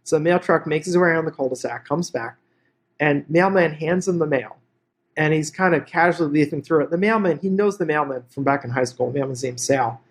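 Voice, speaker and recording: A man presenting on real estate investing, telling a story in a lively way and acting out each character's lines. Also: fairly high pitch, fairly quick. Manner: animated, acts out every character's dialogue. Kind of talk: anecdotal storytelling to an online audience.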